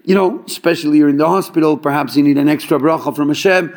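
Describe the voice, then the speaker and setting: A man's voice: on the high side, fast. A man telling a story at a casual gathering, talking loosely with many fillers and acting out the people in it. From Chabad yeshiva student background. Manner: animated, acts out quoted dialogue, many fillers.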